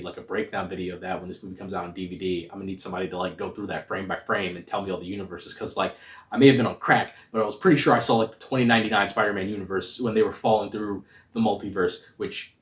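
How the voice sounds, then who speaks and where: A man giving a casual spoiler review of a movie, talking in a slangy, animated, rambling way. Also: low voice, fast. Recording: roomy echo.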